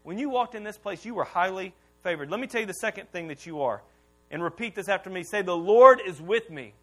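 High, bright-voiced preacher, animated. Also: male voice, quick pace. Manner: animated, conversational preaching with audience call-and-response. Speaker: pastor. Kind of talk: sermon. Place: church auditorium before a congregation.

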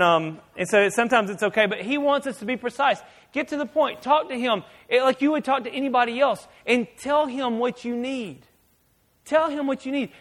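A man preaching a sermon as a pastor, animated and shouting at times for effect. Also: extremely high pitch.

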